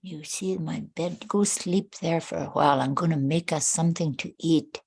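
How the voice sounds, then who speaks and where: A woman voicing a tiny, kindly old grandmother elder who speaks slowly and coaxingly. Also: deep voice, gravelly, husky, heavily acted. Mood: gentle advice. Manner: slow, coaxing, motherly.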